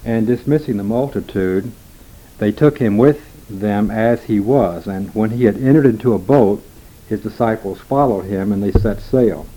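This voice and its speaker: A man reading scripture aloud in a steady, measured way. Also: fairly low pitch, low-quality recording. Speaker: scripture reader.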